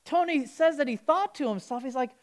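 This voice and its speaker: A woman preacher with a fairly high voice, talking to her congregation in a loose, conversational way. She stumbles and restarts often, then picks up energy as she tells a story. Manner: conversational, halting restarts, grows animated. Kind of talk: sermon storytelling.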